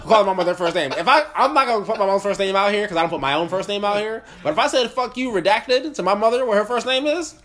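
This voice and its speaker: A young man riffing fast in a casual podcast chat, with a fairly high voice. He is animated and profane, and keeps acting out voices as he tells his stories. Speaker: podcast co-host.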